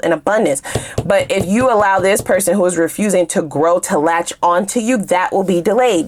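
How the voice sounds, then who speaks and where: A woman giving a casual tarot reading to her viewers in an animated, sassy way, swearing freely and laughing while she rants. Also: medium pitch. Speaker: tarot reader.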